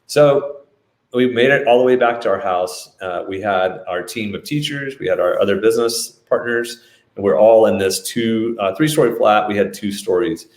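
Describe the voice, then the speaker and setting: A man telling a dramatic story in a lively way, acting out the quotes. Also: lowish voice, normal speed, echoey room. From United States. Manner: animated, acts out quotes. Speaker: business leader telling a story. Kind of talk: storytelling talk.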